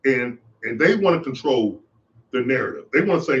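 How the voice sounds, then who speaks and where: A man's voice: medium pitch, animated, normal speed, fairly bright tone. Man, podcast host, impassioned monologue, repeats himself, dull lo-fi sound. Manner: impassioned, preachy, repeats phrases. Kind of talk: monologue commentary.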